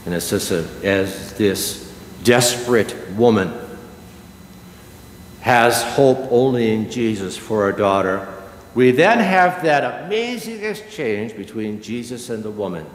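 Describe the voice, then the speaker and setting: An older male pastor preaches at an unhurried pace, leaning on his words with deliberate pauses. His voice sits at a middle pitch. It rings through a reverberant church sanctuary over a faint hum of room ambience. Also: big pitch swings. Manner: slow, emphatic preaching with dramatic pauses. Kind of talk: sermon. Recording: echoey church hall with long reverb.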